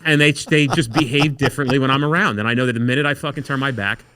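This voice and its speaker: The guest's mid-range voice moves fast over a dry recording. He swaps wild stories in a casual podcast setting, cursing freely and animatedly acting out the quotes of others.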